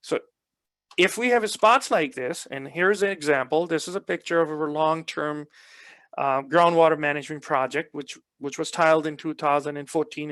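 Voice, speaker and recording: A soil health extension specialist gives a presentation lecture in a slightly high, fairly bright voice with no room sound. He explains field trial results, often repeating words for emphasis.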